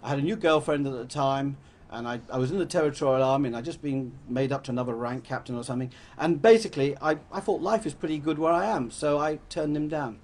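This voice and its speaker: An older Englishman gives a rambling, anecdotal talk to an audience as a public speaker, frequently correcting himself. His voice is mid-range and darkish, and he speaks fast.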